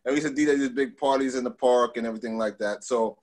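A middle-aged man from Long Island, telling stories in a casual interview, animated, with many fillers and restarts. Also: medium pitch, fast talker. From Long Island, New York. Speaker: guest.

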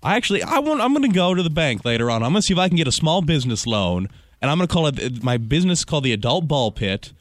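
A man's voice: fairly high pitch, big pitch swings, very fast, dry recording. A man hosting a morning radio show, bantering playfully and riffing on silly ideas. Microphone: studio microphone.

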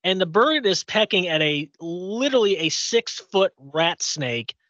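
A man's voice: sits high, sing-song, measured pace, pushed and bright, no room sound. Podcast co-host, male, from Indiana, rambling casual storyteller, dry dull lo-fi sound. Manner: rambling storyteller, lots of fillers and restarts. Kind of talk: casual chat.

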